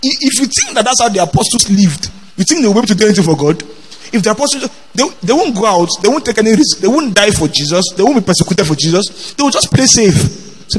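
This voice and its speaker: A man's voice: high-pitched, lively intonation, quick pace, slight background noise, poor audio. A man preaching a sermon, leading the congregation in call-and-response and acting out quotes in different voices.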